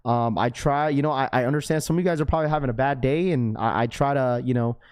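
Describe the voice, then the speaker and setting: A man with a raspy voice hosting a sneaker livestream, chatting casually in slang and reading chat messages aloud. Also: medium pitch, fast talker, darkish tone. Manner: laid-back, slangy, full of fillers.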